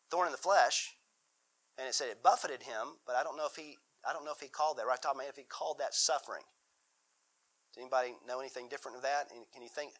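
A man's voice: mid-range voice, a bit bright, poor audio. A man leading a Bible study in a church room, talking in a folksy, conversational way, often restarting and repeating his words. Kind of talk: conversational sermon with Q&A.

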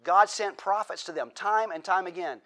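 A man preaching a sermon in a conversational way, repeating and restarting words, and building to animated stories. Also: high voice, normal speed. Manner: conversational, animated storytelling with rising emphasis.

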